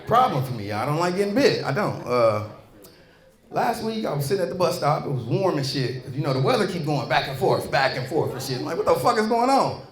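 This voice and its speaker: Brief: high-pitched male stand-up, profane and rambling, echoey club, crowd audible. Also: big pitch swings, brisk. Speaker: stand-up comedian. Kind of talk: stand-up comedy set. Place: comedy club stage with audience. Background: audience laughter.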